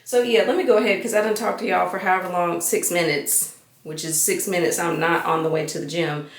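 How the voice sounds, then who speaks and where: A woman's voice: on the low side, fairly even intonation, fairly quick. Woman vlogger, casual self-mocking chat, roomy echo. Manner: chatty, self-mocking, talks to viewers as y'all.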